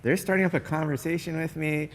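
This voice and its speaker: A man's voice: on the high side, steady tone, fast, vocal fry. A man hosting a podcast interview on location in a decorated church, asking friendly, curious questions in a casual, chatty way. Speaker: podcast host. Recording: long church reverb, faint ambience.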